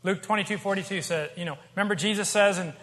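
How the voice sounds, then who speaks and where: High, bright-voiced preaching man. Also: fast talker. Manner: conversational, emphatic preaching with asides and humor. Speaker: pastor. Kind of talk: sermon. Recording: long hall reverb.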